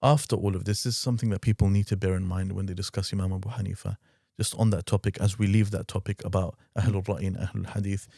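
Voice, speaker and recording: A man hosting a podcast discussion, speaking in a measured, emphatic way. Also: deep voice, fairly even intonation, vocal fry, warm tone, no room sound, clean studio sound. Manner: measured, emphatic, backchannels often. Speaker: podcast host.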